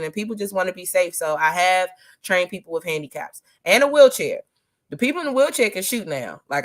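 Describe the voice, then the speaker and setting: A woman's voice: medium pitch, fairly bright tone. A woman firearms instructor chatting casually in an interview, laughing often and talking in a loose, colloquial way. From Maryland area.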